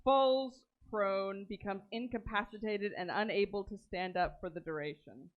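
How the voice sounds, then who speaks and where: A woman's voice: medium pitch, moderate pace, narrow, tinny audio. A woman playing a tabletop game, describing her character's actions and reading out spell rules. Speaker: player.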